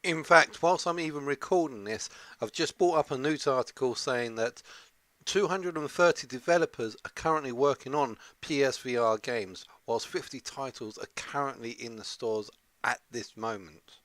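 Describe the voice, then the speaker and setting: A man's voice: mid-range voice, moderate pace, a bit bright, dry recording. Earnest man hosting a game countdown. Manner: earnest, rambling commentary. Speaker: gaming channel host. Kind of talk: top ten game countdown.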